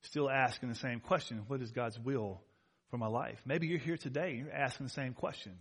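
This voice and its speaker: A middle-aged man preaching a sermon as pastor, swinging from hushed moments to loud ones and quizzing the congregation with questions. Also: mid-range voice, a little fast, breathy edge.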